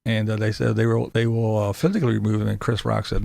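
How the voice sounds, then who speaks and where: A man with a gravelly, creaky voice, recorded dry and close. He hosts a loose commentary show, incredulous and profane, and laughs between his remarks. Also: fairly low pitch, little pitch movement, fast, few pauses, darkish tone, no room sound. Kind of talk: casual commentary to a live chat.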